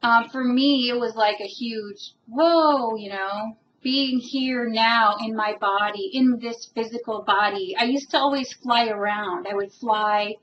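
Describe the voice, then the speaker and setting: Woman vlogger, fairly high voice, earnest and rambling, full of fillers, muffled lo-fi sound. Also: slight background noise. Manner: emotionally moved. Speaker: spiritual vlogger. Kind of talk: casual personal monologue.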